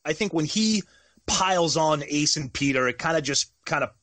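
A man's voice: fairly high pitch, animated, moderate pace, fairly bright tone, no echo. A man co-hosting a podcast in casual chat, talking emphatically and animatedly. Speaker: podcast co-host.

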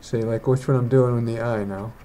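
A man's voice: mid-range voice, fairly even intonation, fairly quick, warm tone, a little hiss or hum. A man who is a digital artist, rambling and thinking aloud as he walks through a casual painting tutorial indoors. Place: indoors, rain outside.

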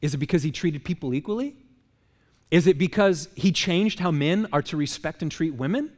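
A man's voice: on the high side, expressive, moderate pace, a little mellow, big-room sound. A male pastor giving a casual, joking sermon, firing rhetorical questions at the congregation. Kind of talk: conversational sermon. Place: church sanctuary.

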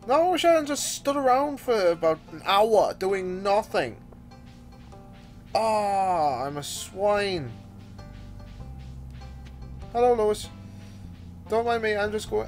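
Animated man grumbling through gameplay. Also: high-pitched, takes it slowly, long pauses, faint music behind. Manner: exasperated, theatrical grumbling and mock insults. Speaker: gameplay commentator. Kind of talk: casual gameplay commentary.

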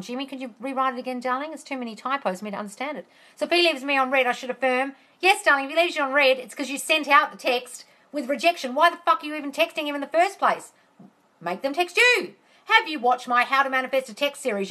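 Bright, blunt, profane woman coach. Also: fairly high pitch. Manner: blunt and profane, exasperated rants; calls viewers darling. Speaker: manifestation coach. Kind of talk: live-stream Q&A, reading comments.

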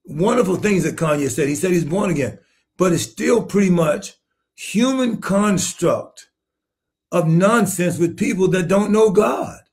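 Bishop in his seventies, higher-pitched male voice, emphatic sermon delivery with rhetorical questions and sudden shouts. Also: unhurried. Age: 70s. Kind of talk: sermon-style commentary.

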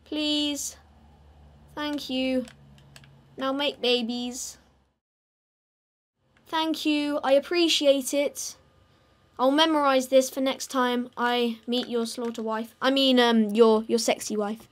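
A woman narrates her gameplay in a relaxed, drawn-out way, teasing her in-game animals in a playful singsong. Her voice sits a little higher than usual, and she takes her time with every phrase. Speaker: gamer. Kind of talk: casual gameplay commentary.

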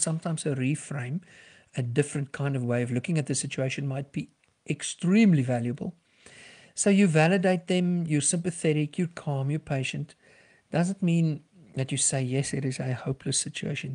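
A middle-aged man talks through his advice on a podcast, earnest and reassuring. His voice is a little husky, pitched in an ordinary middle range. He speaks gently, as a clinical psychologist would. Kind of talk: podcast talk giving advice.

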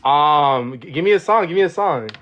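A man's voice: a little high, animated, normal speed, a bit bright, muffled recording, a little hiss or hum. A young man on a friend's livestream at home, chatting in a laid-back way and repeating his requests. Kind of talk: casual chat on a livestream.

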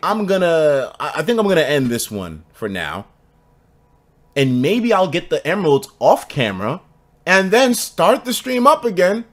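Animated, swearing male game streamer. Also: sits high, moderate pace. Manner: animated and profane, joking with chat. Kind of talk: casual live-stream chat.

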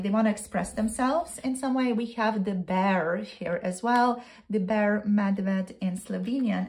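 A woman's voice: medium pitch, darkish tone. A woman giving a pick-a-card tarot reading to her viewers, chatty and flowing, with many "um"s and "you know"s. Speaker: tarot reader.

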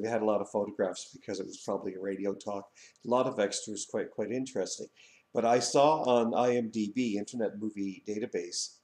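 Rambling low-voiced man in an echoey room. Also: creaky, darkish tone. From Canada. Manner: rambling, many fillers and restarts. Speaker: video reviewer. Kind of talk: casual spoken review.

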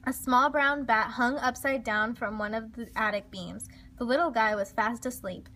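A woman reading a children's storybook aloud in a lively, expressive way. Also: fairly high pitch, moderate pace, few pauses. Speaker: storybook reader.

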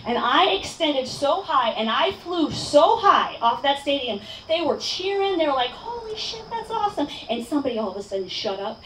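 A woman telling a lively personal story at a live storytelling night in a bar, playful and casually swearing. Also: high-pitched, normal speed, few pauses. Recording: echoey bar room, distant mic, faint noise.

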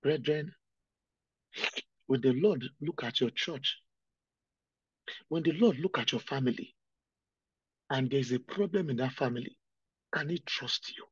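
Impassioned male preacher, husky and slow. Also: medium pitch, no echo. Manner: impassioned, repeats phrases and cries out. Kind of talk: emotional sermon. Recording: dull, dry lo-fi sound.

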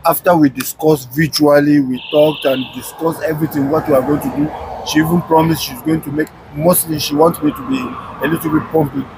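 A man being interviewed, telling a personal story in a casual, animated way with frequent restarts. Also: fairly high pitch, fairly quick, creaky, heavy background noise.

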